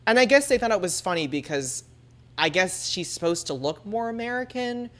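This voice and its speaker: A woman's voice: medium pitch, animated, normal speed. A woman streamer chatting casually and laughing often, using many fillers. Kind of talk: casual chat.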